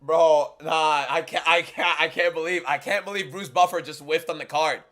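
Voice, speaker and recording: A man hosting a live fight watchalong, reacting with incredulous, repetitive exclamations that swing from low muttering to shouting. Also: fairly even intonation, moderate pace. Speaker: watchalong host.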